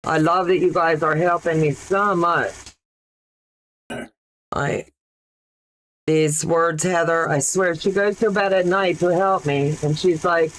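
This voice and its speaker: Slow, low-voiced woman chatting on a sewing livestream. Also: fairly even intonation, a little hiss or hum. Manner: chatty, reads viewer comments aloud, slow and low. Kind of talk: casual livestream chat.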